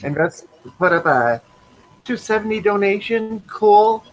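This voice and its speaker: A man's voice: high voice, unhurried, low-quality recording. Casual man reading out live chat. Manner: reads viewer messages aloud, relaxed. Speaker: livestream co-host reading chat.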